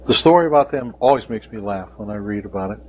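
A man's voice: fairly low pitch, expressive, fast talker, slight background noise, low-quality recording. A man preaching a devotional sermon, speaking in an emphatic way and repeating key phrases.

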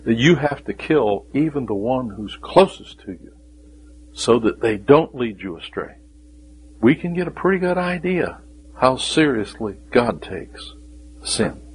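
A man preaching a sermon, with dramatic pauses and emphatic rising questions, sometimes dropping to a whisper. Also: medium pitch, animated, slight background noise, rough recording.

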